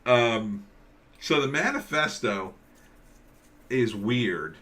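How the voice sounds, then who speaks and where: A man hosting a live stream, rambling in casual commentary and reading viewer comments aloud, with halting restarts. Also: mid-range voice, lively intonation, a bit bright.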